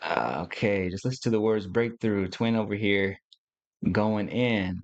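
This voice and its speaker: A man's voice: fairly low pitch, a little slow. A middle-aged man hosting a casual livestream, talking to viewers in a loose, playful, slangy way. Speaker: host.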